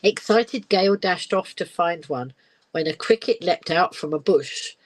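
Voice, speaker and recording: A woman's voice: fairly low pitch, lively intonation, unhurried, low-quality recording. Older woman, grandmother, reading a picture book aloud, chatty asides. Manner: chatty asides, laughs often. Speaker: storyteller and live streamer.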